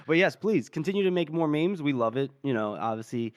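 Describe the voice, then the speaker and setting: A man's voice: fairly high pitch, no room sound, clean studio sound. A man hosting a podcast, loosely retelling a chapter with fillers and laughs. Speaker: podcast host. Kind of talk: casual chapter recap.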